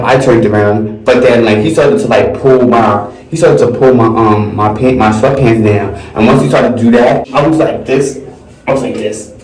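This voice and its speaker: A young man telling a crude, animated storytime in a vlog, with shrill mocking quotes. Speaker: vlogger. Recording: echoey room, far from mic, faint music.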